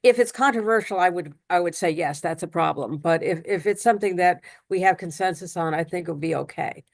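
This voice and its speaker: A woman's voice: lowish voice, brisk, gravelly, dry recording, studio quality. A woman chairing a legislative committee work session who speaks plainly and with some hesitation.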